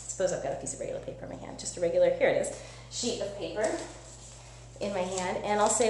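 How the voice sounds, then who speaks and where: A woman science educator giving a lively live-streamed teaching demo, chatty and upbeat, often checking in with "right?". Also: medium pitch, fast. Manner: energetic, chatty, asks listeners "right?". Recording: echoey room with faint hum.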